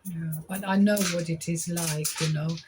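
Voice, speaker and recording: A woman barber chatting casually with a client, a slow and sympathetic listener. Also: fairly low pitch, steady tone, noisy background. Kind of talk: casual chat.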